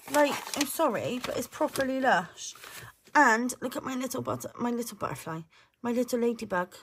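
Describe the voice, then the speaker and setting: A young woman chatting excitedly to her viewers as she unboxes her mail. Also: fairly high pitch. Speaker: budgeting vlogger. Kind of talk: casual chat to camera while unboxing.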